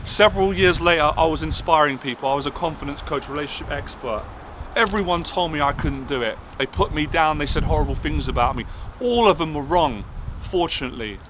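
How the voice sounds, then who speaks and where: Man, motivational speaker, emphatic repetitive delivery, slightly high voice, outdoors with clear traffic noise. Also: lively intonation, a little fast. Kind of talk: impassioned motivational monologue. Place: outdoors on a city rooftop.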